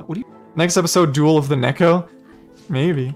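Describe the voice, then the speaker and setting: High-voiced playful man gaming. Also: normal speed, a little mellow, faint music behind. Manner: playful and giggly, with frequent laughs and exclamations. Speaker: streamer. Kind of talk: casual gameplay commentary.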